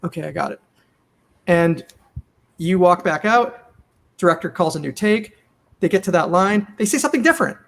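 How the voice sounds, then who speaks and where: A man with a bright, high-pitched voice tells stories from running a TV comedy, animated and chatty. He jumps into quoted lines, acting out each person as he goes. His talk is loose and conversational, like an interview guest swapping stories. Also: moderate pace, long pauses. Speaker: TV comedy writer and showrunner. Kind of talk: casual storytelling interview.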